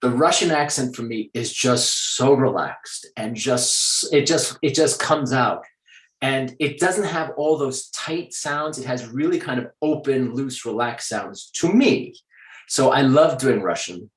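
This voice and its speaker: A man, an American actor, talking in a casual interview in a measured, matter-of-fact, confident way. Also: mid-range voice, expressive, roomy sound, low-quality recording. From United States.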